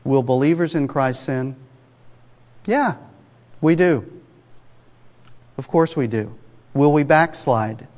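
Preacher with a twang, echoing hall. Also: male voice, medium pitch, slow pace, pauses often, a little mellow. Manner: conversational, emphatic, asks the congregation rhetorical questions. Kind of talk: sermon. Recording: long reverb of a large hall.

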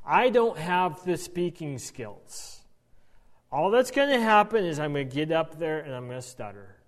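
A man's voice: fairly high pitch, big pitch swings, normal speed. A man voicing a reluctant, anxious man who pleads and stammers through his excuses, in a reverberant hall. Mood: pleading.

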